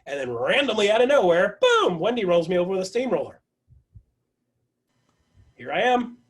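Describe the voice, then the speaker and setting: In a video meeting, a high-pitched man speaks at normal speed, energetically motivating his team. He tells a story full of repetition.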